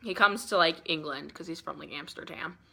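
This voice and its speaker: With a low-pitched, bright, forceful voice marked by vocal fry, she speaks a little fast. A mildly tipsy book vlogger in her twenties, she offers a rambling, profanity-laden retelling of a classic novel, using "like" over and over.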